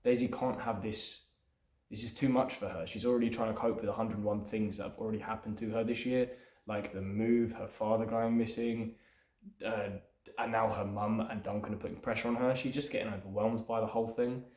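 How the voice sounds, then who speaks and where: On his own channel, a screenwriter casually walks through a film script he's writing, rambling loosely with lots of "sort of" and "you know." His voice is lowish, steady, and darkish, a little fast, and the recording has a roomy echo.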